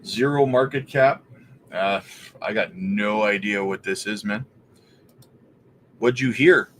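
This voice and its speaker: A man's voice: on the low side, slow pace, slight background noise. A Canadian man hosting a casual crypto livestream, reading out viewer questions and thinking aloud as he looks things up. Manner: relaxed, thinks aloud while looking things up.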